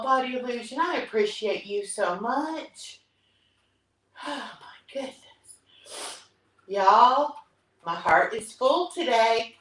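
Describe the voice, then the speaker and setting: Lady in her 60s counting reps out of breath, high lively voice, echoey room, sits back from the mic. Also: distant mic. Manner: breathless, upbeat counting with whoops. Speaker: fitness vlog host. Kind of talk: livestreamed workout with counting.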